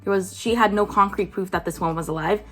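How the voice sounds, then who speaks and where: A woman's voice: medium pitch, quick pace, soft background music. A woman vlogger giving casual commentary, chatty and blunt, with lots of "like" and "um". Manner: chatty, blunt, filler-heavy with "like" and "um".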